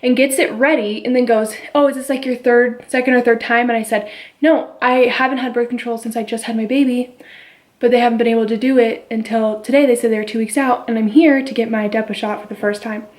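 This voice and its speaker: A woman's voice: on the high side, fast talker. Chatty young woman vlogger telling a story. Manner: chatty, animated retelling with quoted dialogue. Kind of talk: casual storytime chat. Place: at home with her baby.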